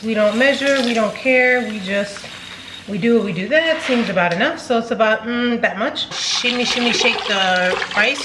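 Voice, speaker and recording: A woman's voice: medium pitch, noisy background. A woman chatting and joking with viewers while she cooks in her home kitchen, casual vlog style. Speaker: home cook vlogger.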